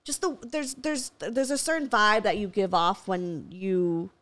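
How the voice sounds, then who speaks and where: A woman hosting a podcast in a chatty, lively way, backing up her guest. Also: mid-range voice, measured pace. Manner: lively, chatty, supportive listener. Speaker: podcast host. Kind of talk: casual podcast chat.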